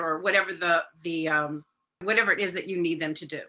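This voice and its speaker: A woman's voice: fairly low pitch, fairly even intonation, fairly quick, sharp tone. A woman on a webinar video call giving parenting advice in a conversational way, with frequent fillers as she acts out what parents say to teens. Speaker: parenting expert on a webinar panel.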